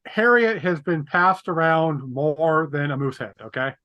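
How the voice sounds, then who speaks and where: A man's voice: fairly high pitch, lively intonation, measured pace, dull audio. A man co-hosting a podcast, chatting casually about a film with rambling asides and crude jokes. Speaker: podcast co-host. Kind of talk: casual movie chat.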